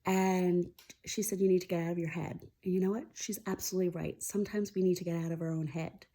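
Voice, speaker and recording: A woman's voice: on the low side, steady tone, fast, warm tone. A woman hosting a weekly mindfulness talk, speaking candidly and confidingly in a casual heartfelt chat to camera. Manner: candid, confiding, speaking openly about feelings.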